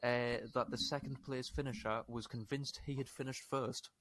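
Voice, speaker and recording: A man's voice: medium pitch, fairly even intonation, normal speed, a bit bright. A British man, a podcast co-host, reading a news story aloud in casual chat, swearing and laughing, acting out the quoted lines.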